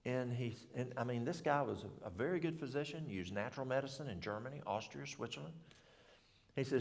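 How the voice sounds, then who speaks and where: A gravelly, mid-range voice moves at a brisk pace as a middle-aged man delivers an informal health talk. He rambles in a homespun way and corrects himself as he speaks. The setting is a church hall with a long hall reverb.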